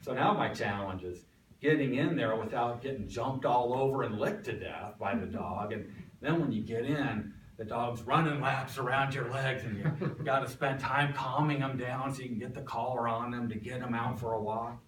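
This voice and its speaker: A man's voice: mid-range voice, moderate pace, a little hiss or hum. Man giving a folksy club speech. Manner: folksy, storytelling. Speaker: club speaker. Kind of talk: prepared speech. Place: meeting room. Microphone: distant room mic. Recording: echoey room from far off.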